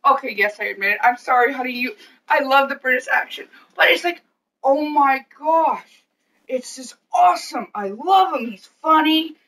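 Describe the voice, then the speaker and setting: A woman co-hosting a casual chat, playful and excitable, teasing her husband. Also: high voice, moderate pace, distant mic. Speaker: co-host.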